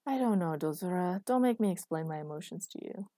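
A woman voicing a dry, patient, exasperated boyfriend with a deadpan delivery. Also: on the low side, brisk, dry recording, lightly acted.

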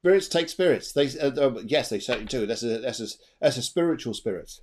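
A man's voice: medium pitch, lively intonation, fast, darkish tone, a little hiss or hum. Man, tarot reader, rambling, repeats himself, casual live show. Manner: rambling, chatty, repeats phrases. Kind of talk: live online reading, casual chat.

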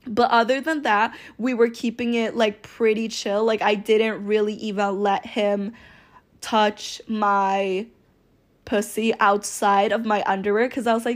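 A woman's voice: mid-range voice, little pitch movement, a little slow. A young woman telling a story to her viewers in a casual, rambling way, full of filler words and very candid. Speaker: storytime vlogger.

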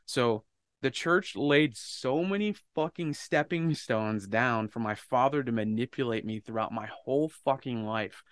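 A man's voice: medium pitch, measured pace, clean tone, no room sound. A man telling a personal story in casual podcast chat, swearing freely and acting out the people in it. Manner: profane, animated storyteller. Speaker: podcast co-host.

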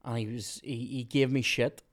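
A man hosting a podcast, telling a work story in a casual, animated way, swearing freely and laughing often. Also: medium pitch, moderate pace. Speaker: podcast host.

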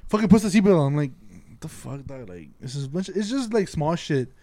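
A man's voice: a little high, lively intonation, fairly quick, dark tone. A man telling a story in casual, profane chat, acting out the people he quotes.

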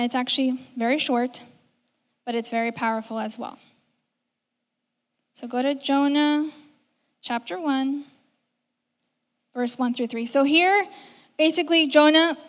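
A woman's voice: high-pitched, normal speed, pauses often. A woman preaching a sermon in a conversational way, acting out the lines she quotes. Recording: reverberant hall.

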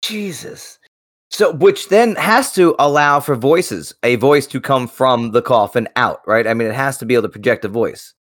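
A man co-hosting a casual podcast chat, animated and swearing freely, often trailing off and restarting. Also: mid-range voice, normal speed, no echo, clean studio sound. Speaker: podcast co-host.

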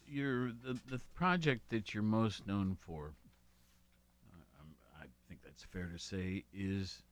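A man hosting an interview, asking questions in a halting way, with many fillers and restarts. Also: fairly low pitch, fairly bright tone. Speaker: interviewer, host.

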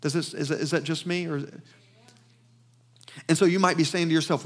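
A man with a Southern US accent delivers a sermon in a church, with a voice pitched a little above the usual for a man. He talks fast and with emphasis, and he keeps calling on the congregation to answer him. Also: steady tone. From Southern United States. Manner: emphatic, with call-and-response to the congregation; fast-talking. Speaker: preacher. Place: church sanctuary.

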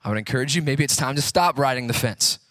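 A man's voice: mid-range voice, fast talker, a bit bright, dry recording. Dry-voiced preacher man, conversational. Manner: conversational, asks rhetorical questions, acts out quotes. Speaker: pastor. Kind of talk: sermon.

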